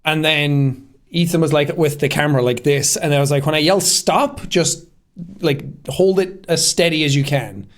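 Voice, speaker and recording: This creator reflects on his own short film in a relaxed, behind-the-scenes way, his slightly high voice moving at a moderate pace. He rambles, laughs often, and leans heavily on fillers.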